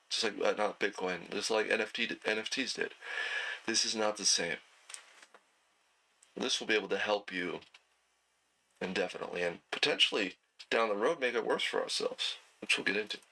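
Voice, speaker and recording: A man teaching an online night class in a relaxed, conversational way, with plenty of fillers and throat clearing. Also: on the low side, rough recording. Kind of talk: casual lecture.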